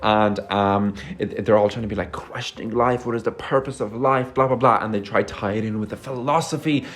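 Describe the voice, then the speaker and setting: A man's voice: fairly low pitch, fairly even intonation, fairly quick. A man giving a casual movie review, sarcastic and exasperated, swearing often. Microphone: phone.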